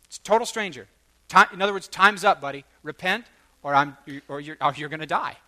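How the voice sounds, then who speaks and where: Male preacher, animated storyteller, slightly high and bright, acts out quotes. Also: a little fast. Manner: animated, acts out quoted voices, rising to loud bursts. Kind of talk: sermon storytelling.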